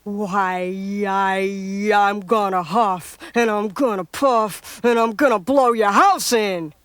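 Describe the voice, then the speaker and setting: A woman voicing a smooth-talking, hungry big bad wolf in a storybook reading. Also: sits high, very animated, takes it slowly, soft background music, pitched above the performer's own voice, full character voice. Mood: menacing. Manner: slick, drawling, sly.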